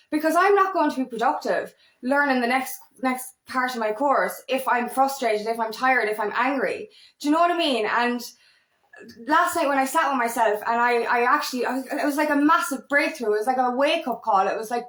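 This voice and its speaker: A woman's voice: high voice, a little fast, a bit bright. A woman empowerment coach in a casual vlog, rambling earnestly with restarts, repeated words and the odd swear word. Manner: occasional swearing. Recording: echoey room.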